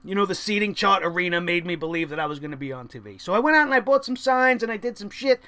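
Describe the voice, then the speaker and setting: Man, vlog reviewer, high-pitched, bright tone, angry swearing rant. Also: animated, fast talker. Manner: angry, swearing constantly, ranting. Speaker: wrestling show reviewer. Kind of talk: profane ranting vlog review.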